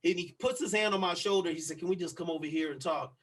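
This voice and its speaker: A husky, slightly raised voice carries this man's casual podcast storytelling. He is profane and animated, slipping into the voices of the people in his story as he recounts it. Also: sits high, fast talker. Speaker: podcast co-host.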